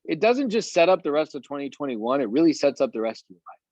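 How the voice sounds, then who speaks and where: A man's voice: a little high, sing-song, fast, darkish tone, dry recording, muffled recording. A man coaching a sales team on a video call, talking eagerly and rambling with lots of fillers.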